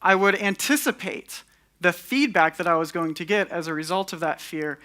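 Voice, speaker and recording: A man's voice: high-pitched, moderate pace, pushed and bright. A young man giving a candid conference talk on stage, with wry, sarcastic asides. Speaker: conference speaker.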